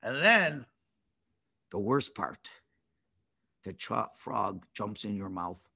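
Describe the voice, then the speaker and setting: A man teaching children through a story over a video call, animated and playful, with sound effects. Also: fairly low pitch, takes it slowly, gravelly, husky.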